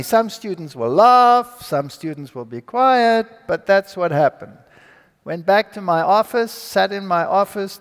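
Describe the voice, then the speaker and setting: A man giving his personal testimony to an audience, telling the story in an animated, dramatic way. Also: high voice, clear, resonant tone. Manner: animated, dramatic storyteller who acts out dialogue. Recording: long hall reverb.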